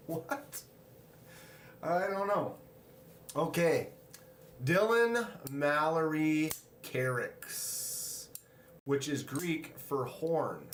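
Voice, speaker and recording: Relaxed man chatting on a livestream. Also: fairly high pitch, drawn-out words, pauses often, a little hiss or hum. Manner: chatty, reads viewer comments aloud and greets chatters. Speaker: livestream host. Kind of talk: casual live-stream chat. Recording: roomy, echoey room sound.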